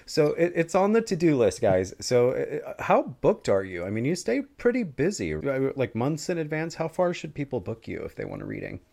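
A man's voice: mid-range voice, sing-song, moderate pace, gravelly, few pauses, a little mellow. An American man hosting a podcast, chatty and rambling, with many asides. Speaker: podcast host. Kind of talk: casual interview chat.

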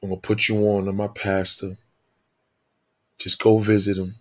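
A man's voice: lowish voice, little pitch movement, normal speed, natural voice. A man playing a kindly street-wise male angel who coaxes and reassures a friend in trouble. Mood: reassuring.

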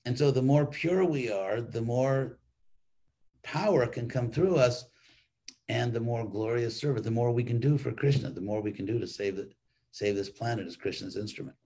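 A man's voice: medium pitch, moderate pace, mellow, husky. An older man, a monk, giving an informal weekly class in a rambling, conversational way with frequent restarts.

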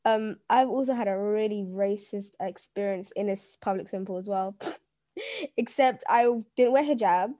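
A woman's voice: medium pitch, normal speed, mellow. A young woman, co-hosting a podcast in a casual way with slang and fillers. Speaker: podcast co-host. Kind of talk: casual chat.

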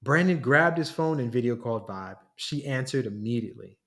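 A man narrating a serialized story in a plain, steady reading voice. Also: mid-range voice, a little fast.

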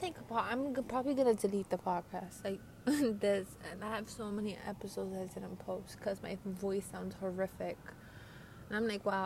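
A woman's voice: mid-range voice, vocal fry. Congested young woman host, loose slangy podcast ramble, faint hiss behind. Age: teens. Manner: rambling, slangy, swearing, giggly. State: congested from a cold. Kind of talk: casual late-night monologue. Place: by a window at night.

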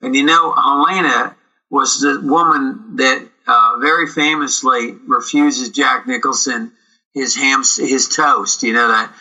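A middle-aged man from Canada tells stories in an interview, his voice very bright and forward. He acts out the quoted lines as he goes. The sound is a little dull and lo-fi. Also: mid-range voice, measured pace. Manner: animated, acts out quoted dialogue. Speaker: actor, guest. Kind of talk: casual storytelling interview.

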